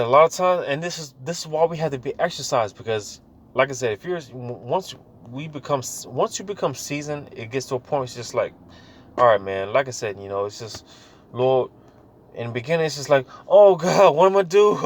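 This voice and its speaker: Male lay Bible teacher, casual and slangy, mid-range voice, slows down for scripture readings. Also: mid-range voice, slight background noise. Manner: slangy, keeps saying "man" and "you know"; reads scripture aloud slowly, then riffs on it.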